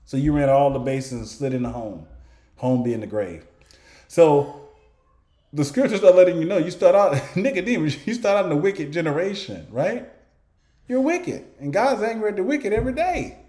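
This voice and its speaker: Animated man preaching in an echoey room. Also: a little high. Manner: asks rhetorical questions and answers them; conversational, with chuckles and restarts. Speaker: bible teacher. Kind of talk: informal preaching to camera.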